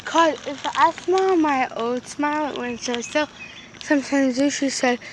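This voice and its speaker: A woman with a high voice tells a story to her camera in a loose, rambling way, packing it with "like" and mild stand-in swears. She is recorded outdoors somewhere rural, and steady background noise sits under her voice. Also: unhurried. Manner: rambling, filler-heavy, says "flippin'" and "effing" instead of swearing. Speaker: vlogger.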